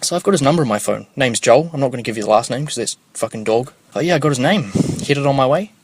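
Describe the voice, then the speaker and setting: Fast-talking young New man. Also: medium pitch, animated, slightly rough. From New Zealand. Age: young adult. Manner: rambling, swears a lot, slangy. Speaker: podcast host. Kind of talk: casual storytelling monologue.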